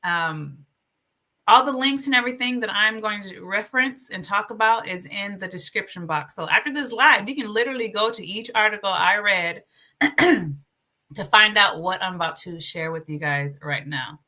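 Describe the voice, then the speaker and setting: A woman hosting a casual livestream, chatty and animated, reading aloud from her notes while sharing her screen. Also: medium pitch, moderate pace. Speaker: livestream host.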